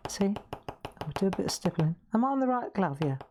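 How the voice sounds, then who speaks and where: A woman's voice: mid-range voice, sing-song, a little fast, background noise. A woman hosting a live colouring tutorial from her craft room, chatty and demonstrative, talking into a lapel mic. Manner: chatty, demonstrative, laughs at herself. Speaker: crafting livestream host.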